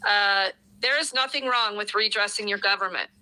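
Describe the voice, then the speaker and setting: Woman, bright forceful voice, earnest, emphatic, talking to viewers. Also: medium pitch, normal speed, poor audio.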